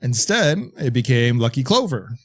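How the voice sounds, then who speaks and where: A man's voice: medium pitch, moderate pace. Podcast guy with a normal middle voice telling some movie trivia, laid back, lots of uhs. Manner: relaxed, shares trivia with hesitations. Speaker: podcast co-host. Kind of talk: casual horror movie chat.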